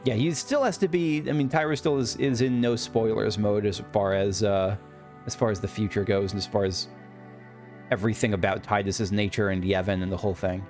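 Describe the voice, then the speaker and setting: A man's voice: fairly low pitch, steady tone, fairly quick, darkish tone, faint music behind. A man hosting a let's play, reading game dialogue aloud and adding chatty, reflective asides full of filler words.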